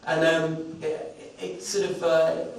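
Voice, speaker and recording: With a fairly high pitch and a level tone, a singer-songwriter takes his time while a crowd murmurs in the background. He tells a small audience a rambling, self-deprecating story to set up a song during a live performance in a recording studio. The audio is roomy and distant, with background noise.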